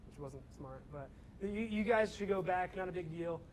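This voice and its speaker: A young man telling a lively story to a student audience and turning it into a lesson about faith. He acts out his own lines, raising his voice at the funny parts. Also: high-pitched, normal speed, noisy background. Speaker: campus ministry speaker.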